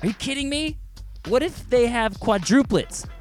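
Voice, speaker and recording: A man's voice: very high voice, expressive, normal speed, soft background music. A man hosting a comedy podcast, delivering jokes playfully and chatting with a guest. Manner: jokey, playful delivery with put-on quotes. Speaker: podcast host. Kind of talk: comedic monologue and interview chat.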